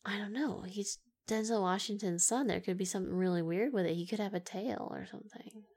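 A woman's voice: mid-range voice, fairly quick, darkish tone. A woman co-hosting a casual movie review podcast, teasing and joking as she talks. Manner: joking, teasing, laughs often. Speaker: podcast co-host.

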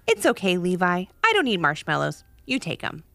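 A woman voicing a sweet little girl in a children's storybook reading, with a high, bubbly delivery. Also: huge pitch swings, moderate pace, creaky, a bit bright, no room sound, exaggerated voice. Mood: kind.

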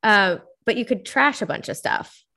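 A woman's voice: on the high side, bright, forceful tone. Bubbly woman podcast host. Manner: bubbly, chatty, quick laughs. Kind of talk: casual interview chat.

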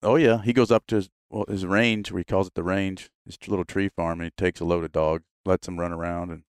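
A man's voice: low-pitched, fairly quick, clean tone, dry recording, studio quality. A man telling hunting stories on a podcast in a casual, laughing way, often quoting others. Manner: laughing, animated storyteller doing quoted voices. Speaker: podcast guest. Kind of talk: casual storytelling.

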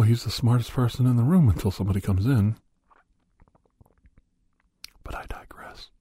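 Husky, whispery man rambling in Grinch costume. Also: fairly low pitch, warm tone. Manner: digressive, often whispery. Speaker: comic storyteller in Grinch costume. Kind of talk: rambling comedic monologue.

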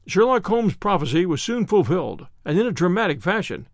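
A man narrating a classic story as an audiobook reader, in measured storytelling. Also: sits high, sing-song, dry recording, studio quality.

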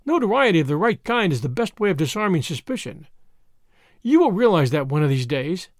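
A man's voice: high voice, very animated, a little fast, no echo, clean studio sound. A man voicing a scornful, reckless worldly woman conspirator with a mocking, disdainful manner in an audiobook. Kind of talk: audiobook character voice.

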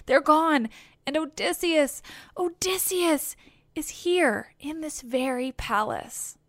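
Old nurse, giddy and loyal, rushing her words; read by a woman, pitched up, dry recording. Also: lively intonation, no echo. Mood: excited. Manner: breathless, eager pleading.

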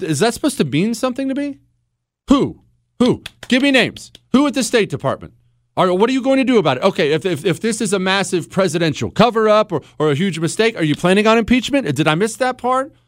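A middle-aged man on radio, blunt and sarcastic, with a lively voice that rises and drops sharply. He is recorded close and dry in a studio, slightly higher-pitched than most men. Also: a little fast, no echo. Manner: blunt, sarcastic, animated, mocks with mimicry. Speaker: radio talk show host. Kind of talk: opinionated talk radio monologue.

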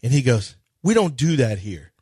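Lively male sports radio host. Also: mid-range voice, moderate pace, breathy edge, dry recording, studio quality. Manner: animated storytelling, quotes others in conversation. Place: radio studio. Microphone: studio microphone.

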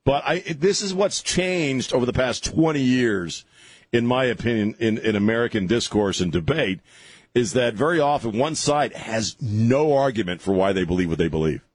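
A man's voice: mid-range voice, lively intonation, moderate pace, slightly rough, no echo. A man hosting talk radio, ranting sarcastically through an opinionated monologue and often restarting his sentences.

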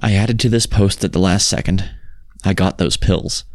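A man giving a measured, somber scripted reading of a horror story in journal form. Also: low-pitched, steady tone, dry recording, studio quality. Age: 60s. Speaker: story narrator.

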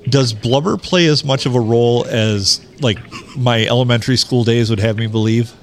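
A man's voice: medium pitch, normal speed. A man co-hosting a podcast, trading dry wisecracks in casual chat. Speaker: podcast co-host.

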